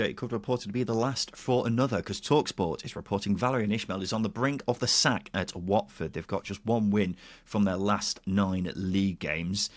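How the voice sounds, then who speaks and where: A man co-hosting a football podcast, arguing in an incredulous, exasperated way. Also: on the low side. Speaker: podcast co-host. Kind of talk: casual football chat.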